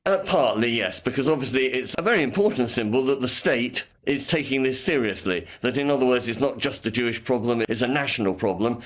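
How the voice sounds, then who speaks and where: A man, a rabbi, answering a news interview in a measured, thoughtful way with frequent pauses. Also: medium pitch.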